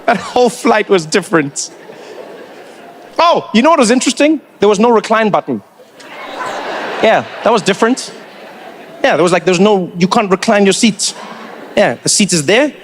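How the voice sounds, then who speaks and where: A man with a South African accent performing a lively stand-up comedy routine and acting out other people's voices. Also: high voice, normal speed, long pauses, slight background noise.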